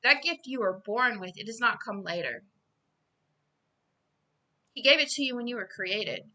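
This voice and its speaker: A woman giving an informal Bible reading and sermon, earnest and growing loud and emphatic as she preaches. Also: a little high, big pitch swings, measured pace. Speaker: self-styled preacher.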